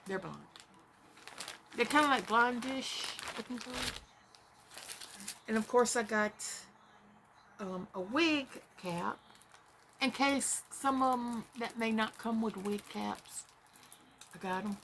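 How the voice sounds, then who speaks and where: A woman's voice: a little high, takes it slowly, pauses often, a bit bright. A woman chatting casually through an unboxing, rambling with fillers and talking to herself. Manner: chatty, rambling, with trailing fillers and self-talk. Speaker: vlogger. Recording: audible background noise.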